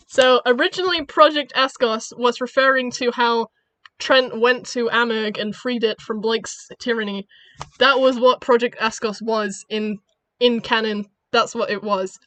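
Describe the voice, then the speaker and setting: A woman's voice: on the high side, fairly even intonation, measured pace, a bit bright, no room sound. A young woman chatting casually in her bedroom, rambling and giggling as she talks through her old story ideas. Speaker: creator of the channel.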